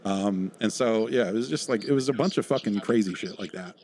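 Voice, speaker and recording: A man with a fairly low voice talks casually on a podcast, rambling and cursing freely. He breaks into loud mocking impressions now and then. A steady hiss of noise sits under the recording. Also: a little fast. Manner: rambling and profane, breaks into loud mock quotes. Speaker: podcast host recalling work in online game media. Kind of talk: casual chat with gameplay.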